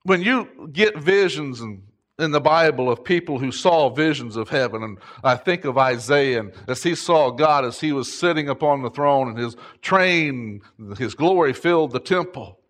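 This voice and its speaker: A middle-aged man preaching a sermon, impassioned, rising to shouts at its peaks. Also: medium pitch, lively intonation, moderate pace. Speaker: pastor.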